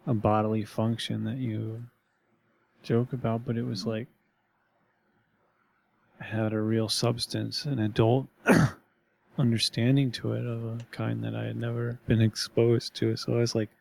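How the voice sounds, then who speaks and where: Gravelly man rambling in casual chat. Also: mid-range voice, little pitch movement, unhurried, darkish tone, a little hiss or hum. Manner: rambling, full of fillers and restarts.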